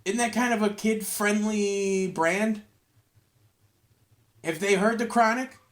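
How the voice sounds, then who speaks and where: A man's voice: high voice, steady tone, slow. Rambling, profane young man podcasting solo. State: tired from cleaning. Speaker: podcast host. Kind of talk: casual solo podcast rant.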